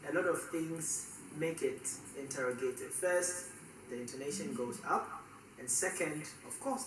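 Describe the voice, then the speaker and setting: A man's voice: on the high side, fairly bright tone, a little hiss or hum. A man teaching French in a casual lesson, repeating phrases for learners and switching between French and English. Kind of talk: casual language lesson to camera. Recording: echoey room, distant mic.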